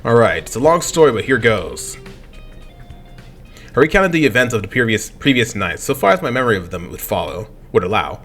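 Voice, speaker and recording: Animated young man reading game text. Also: medium pitch, brisk. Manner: animated, stumbling over words. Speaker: let's play host. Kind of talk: reading game dialogue aloud. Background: game music.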